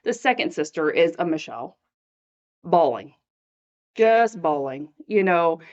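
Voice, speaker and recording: A woman's voice: lowish voice, measured pace, lo-fi sound. A middle-aged woman hosting a faith podcast, telling a personal story in a chatty way and acting out the voices of the people in it. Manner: animated storyteller who acts out quoted dialogue. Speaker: podcast host.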